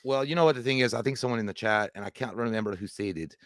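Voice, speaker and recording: Man, quick delivery, casual jokey movie chat, dry mic. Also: lowish voice, a bit bright, dry recording. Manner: rambling, joking, full of asides and restarts. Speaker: podcast co-host. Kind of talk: casual live-stream banter.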